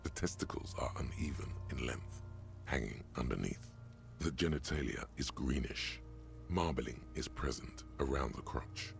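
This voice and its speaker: A gravelly, grim game narrator. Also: male voice, a bass voice, expressive, faint music behind, exaggerated voice. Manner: dark, vivid, deliberate.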